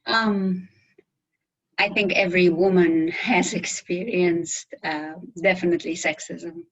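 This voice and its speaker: A woman's voice: lowish voice, slow. A woman from the Middle East with a thick Middle Eastern accent, a guest in an interview who talks candidly and animatedly about her experiences. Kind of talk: casual interview answers. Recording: dull lo-fi audio.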